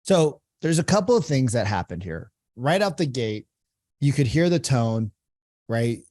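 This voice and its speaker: A man's voice: mid-range voice, very animated, a little slow, a little mellow, no room sound, studio quality. A man hosting a podcast, explaining sales-call technique in a coaching tone and often asking "right?". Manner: explanatory, repeats phrases, frequent "right?". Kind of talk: coaching commentary.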